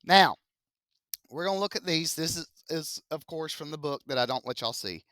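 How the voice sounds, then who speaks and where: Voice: mid-range voice, expressive, moderate pace, a bit bright, dry recording, clean studio sound. A young-adult math teacher, giving a chatty classroom statistics lecture, quizzing students and adding joking asides.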